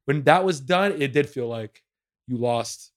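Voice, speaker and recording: A man's voice: mid-range voice, expressive, measured pace. A man in his thirties, a podcast co-host, speaking in a reflective, thoughtful way and often asking "you know what I mean". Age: 30s. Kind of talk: casual podcast chat.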